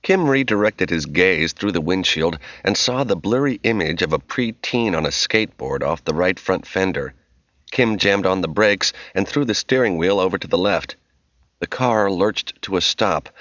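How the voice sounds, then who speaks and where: A man reading a novel aloud as narrator, in measured, expressive storytelling. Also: low-pitched, no room sound. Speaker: audiobook narrator. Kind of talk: scripted narration. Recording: dull, muffled audio.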